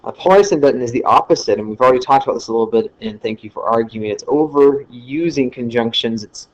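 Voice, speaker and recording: A man's voice: mid-range voice, quick pace. Casual man lecturing, slightly dull sound. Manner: casual, self-correcting, frequent fillers. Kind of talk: screen-recorded lecture. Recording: slightly dull lo-fi screen recording.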